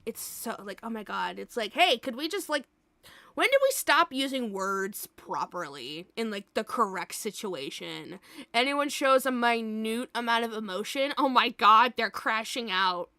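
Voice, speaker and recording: A woman's voice: on the high side, lively intonation, measured pace, pushed and bright, dry recording. A young adult woman streaming live, chatting casually with viewers in a blunt way, swearing freely and laughing often.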